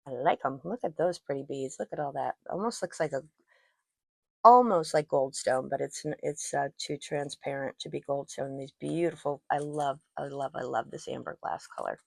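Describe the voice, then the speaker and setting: Chatty lady showing off jewelry, low voice with a gravelly edge, dry close sound. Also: normal speed, darkish tone, no room sound. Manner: chatty, gushing, self-deprecating asides. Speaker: jewelry channel host. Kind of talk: casual show-and-tell chat. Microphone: personal microphone worn while talking.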